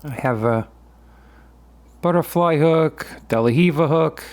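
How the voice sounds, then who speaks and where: A man in his fifties gives voice-over commentary on his own grappling sparring video, speaking at a measured pace in a fairly high voice. He narrates and explains the footage in a matter-of-fact, conversational way.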